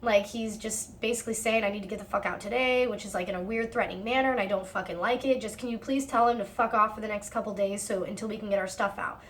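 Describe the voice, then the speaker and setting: A woman's voice: mid-range voice, quick pace, hardly any pauses, a little hiss or hum. A woman in her twenties tells a story in a vlog. She swears a lot and acts out her own side of the arguments with heat. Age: 20s. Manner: heated, profane storytelling. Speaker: storytime vlogger. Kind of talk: casual storytime narration.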